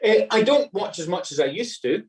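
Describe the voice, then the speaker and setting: Comedian guy, slightly higher voice, sounds a bit far from the mic, chatty and animated. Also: brisk. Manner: lively, acts out characters in silly voices. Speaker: guest comedian. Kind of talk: casual chat.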